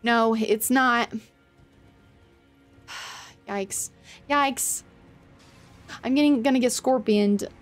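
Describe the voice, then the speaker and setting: A woman streaming a game, chatting to her viewers in a flustered, self-mocking way, with loud panicked outbursts and casual swearing. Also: a little high, extremely slow, long pauses. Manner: swears casually, talks to chat. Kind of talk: casual gameplay commentary. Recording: faint game music behind.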